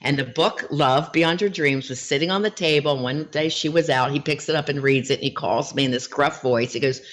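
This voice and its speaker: A middle-aged woman, a relationship coach as guest, telling client stories in a lively, animated way. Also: low-pitched, fairly quick. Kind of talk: interview storytelling.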